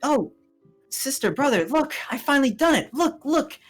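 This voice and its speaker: A man putting on an excited little boy. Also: moderate pace, soft background music. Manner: breathless, eager, high-pitched. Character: excitable young boy wizard, about seven.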